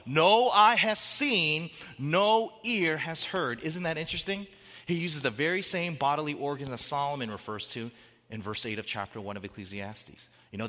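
A male pastor preaching a sermon, asking many rhetorical questions and swinging from loud outbursts to hushed lines. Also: mid-range voice, in a large hall.

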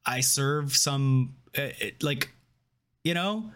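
A man's voice: mid-range voice, slow. Casual man recapping a TV episode. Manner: relaxed, rambling recap with filler words. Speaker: podcast co-host. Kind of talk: casual chat breaking down a TV episode.

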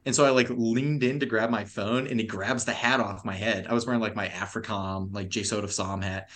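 A man's voice: lowish voice, steady tone, brisk, fairly bright tone. A young adult man on a podcast, telling a long story in rambling, profane, laugh-filled casual chat.

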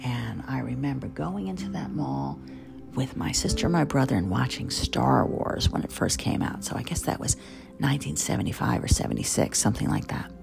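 A woman in her fifties with a Southern-tinged New Jersey accent and a low, deeply gravelly voice. She is a chef hosting her own show, telling chatty, digressive stories with wry asides, over clearly audible music. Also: lively intonation, normal speed. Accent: Southern American over New Jersey. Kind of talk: rambling storytelling monologue.

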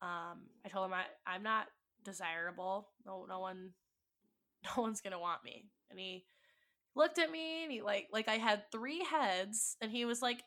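A podcast host in her twenties tells a personal heartbreak story with emotion and swearing, acting out both sides of the dialogue as the intensity builds. Her medium-pitched voice is bright and forceful, at a moderate pace.

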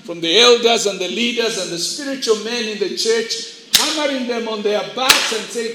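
A man's voice: high voice, moderate pace, bright, forceful tone, slight background noise. A man preaching a sermon to young people, acting out voices as he tells stories. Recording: echoey room.

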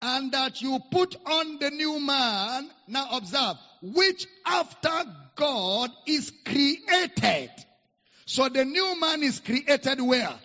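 High, gravelly Nigerian preacher in a hall. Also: male voice, expressive, takes it slowly, bright, forceful tone. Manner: emphatic preaching with call-and-response repetition. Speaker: pastor. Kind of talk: sermon. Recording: echoey hall, dull lo-fi sound.

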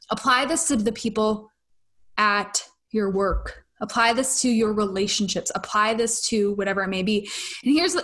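A young adult woman hosting a podcast in a casual monologue, talking conversationally and often tagging her points with "right?". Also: mid-range voice. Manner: conversational, frequent "right?" tag questions. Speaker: podcast host.

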